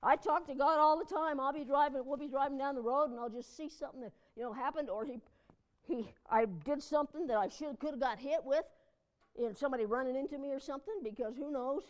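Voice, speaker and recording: A high-voiced woman pastor delivering a homey, conversational sermon. She spins personal anecdotes in a chatty, folksy way, laughing along and bursting into emphatic exclamations. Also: fast.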